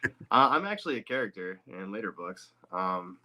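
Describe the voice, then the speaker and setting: A man, a guest voice actor, talking in a loose, rambling podcast chat with casual swearing and quick asides. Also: fairly low pitch, very animated, bright, forceful tone.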